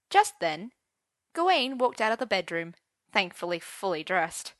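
A woman reading a romance story aloud, expressive and switching voices for each character. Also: mid-range voice, measured pace, no echo, studio quality. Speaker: narrator. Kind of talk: audiobook narration of romance fiction.

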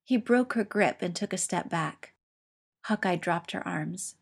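A woman reading a story aloud as narrator, with a wry, expressive delivery. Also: lowish voice, a little slow, vocal fry, husky.

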